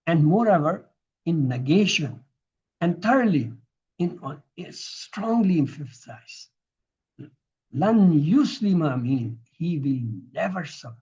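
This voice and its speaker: A man's voice: on the high side, lively intonation, takes it slowly, darkish tone, husky. A man teaching Quranic Arabic grammar in a classroom lesson, drilling verb forms and quizzing his students. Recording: dull lo-fi recording.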